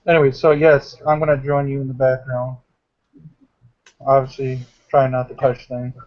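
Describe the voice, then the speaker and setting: A man's voice: medium pitch, monotone, normal speed. A man playing a tabletop game, explaining his plans with restarts. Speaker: player. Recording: muffled lo-fi recording.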